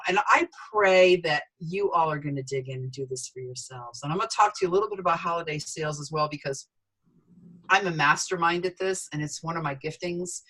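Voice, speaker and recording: A middle-aged woman giving an animated sales training talk, telling stories with voices for the people in them. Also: fairly low pitch, poor audio. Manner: storytelling, lively quoted voices.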